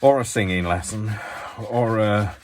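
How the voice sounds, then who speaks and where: A man with a deep, low voice talks through a craft tutorial at home, chatty and loose, often mocking himself as he goes. A faint hiss sits under the recording. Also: a little slow. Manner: rambling, self-mocking asides. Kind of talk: chatty hands-on demonstration.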